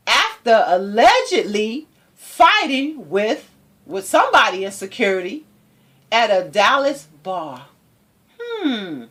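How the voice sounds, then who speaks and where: A woman's voice: fairly high pitch, sing-song, slow, a bit bright. Sassy, emphatic woman commentator. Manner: sassy, emphatic, rhetorical questions to viewers. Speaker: commentary channel host. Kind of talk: opinionated commentary.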